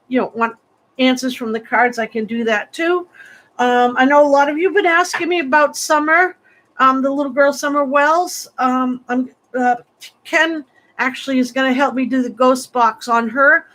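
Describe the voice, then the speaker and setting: Woman livestream psychic with a high voice, emotional and effusive, near tears. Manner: warm, gushing, emotional and tearful. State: close to tears. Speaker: psychic reader, livestream host. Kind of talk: casual livestream chat to viewers.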